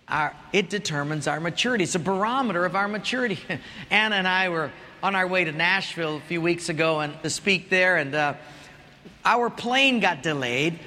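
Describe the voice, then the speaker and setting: A man's voice: high voice, bright, forceful tone, big-room sound. A man preaching a sermon as a pastor, telling stories animatedly and with humor.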